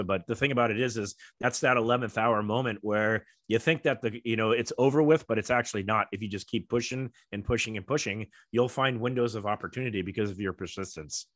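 A man's voice: lowish voice, fairly bright tone, dry recording. A middle-aged American man, a former athlete, telling stories in a rambling casual way with lots of fillers. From United States. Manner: rambling, many fillers, acts out quoted voices. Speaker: guest, former Olympic kayaker. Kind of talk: casual storytelling interview.

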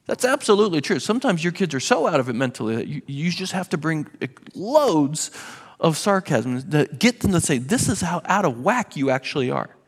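A man's voice: fairly high pitch, big pitch swings, a little fast, breathy edge. A man preaching a sermon as pastor, emphatic and sarcastic, often restarting his words, in a church. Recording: reverberant hall.

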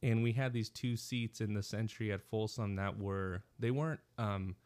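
A man co-hosting a podcast, telling stories in a casual, animated way and laughing often. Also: fairly low pitch, normal speed, clear, resonant tone. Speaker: podcast co-host. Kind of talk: casual chat.

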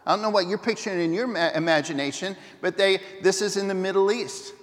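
High-voiced pastor in a reverberant hall. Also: male voice, quick pace. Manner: animated storytelling with restarts. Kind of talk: sermon.

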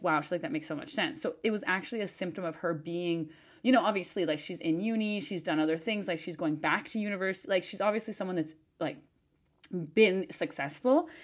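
Woman rambling on her podcast, animated and chatty, lots of um and like, mid-pitch voice. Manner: animated, chatty, many fillers and restarts; expressive, swears for emphasis. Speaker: podcast host and business advisor. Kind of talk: casual monologue podcast.

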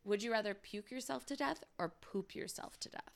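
A woman's voice: medium pitch, moderate pace, gravelly. Chatty American woman telling a story. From United States. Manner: chatty storyteller, laughs often, jokey asides. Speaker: podcast co-host. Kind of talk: casual chat.

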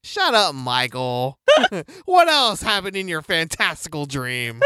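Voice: medium pitch, sing-song, slow, sharp tone, clean tone, dry recording. A podcast co-host in casual chat, answering with dry, sarcastic teasing.

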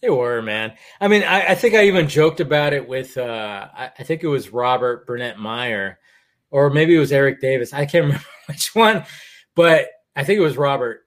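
A man hosting a casual stream chat, telling animated stories and leaping up in pitch when acting out quotes. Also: normal speed. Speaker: stream host.

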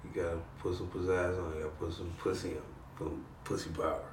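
A man's voice: low voice, flat delivery, quick pace, roomy sound, distant mic, slight background noise. A man producing a studio session, coaching a rapper in a blunt, insistent, profane way. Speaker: music producer.

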